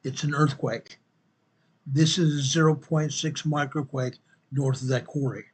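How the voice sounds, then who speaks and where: Emphatic, husky-voiced man. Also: mid-range voice, fairly even intonation, a little slow. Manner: emphatic, repeats phrases for stress; addresses viewers directly as folks and guys. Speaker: host. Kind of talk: casual commentary over a map.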